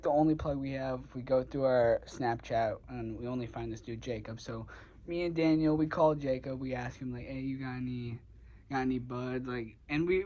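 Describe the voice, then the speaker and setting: A man's voice: medium pitch, a little mellow, slight background noise, low-quality recording. A young man casually telling a personal story, rambling with lots of fillers and swearing. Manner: rambling, filler-heavy, profane, gets heated. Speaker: vlogger.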